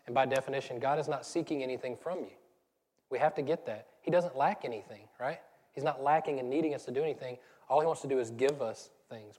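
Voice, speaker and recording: Rambling Southern pastor in a reverberant hall. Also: male voice, medium pitch, a little mellow. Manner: rambling, self-deprecating, laughs at own stories. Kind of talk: casual conversational sermon. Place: church sanctuary. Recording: church hall with long reverb.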